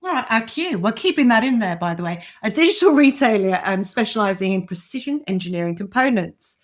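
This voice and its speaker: A woman's voice: mid-range voice, expressive, fairly quick. A woman hosting an interview podcast, chatty and encouraging, with frequent fillers and restarts. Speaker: podcast host.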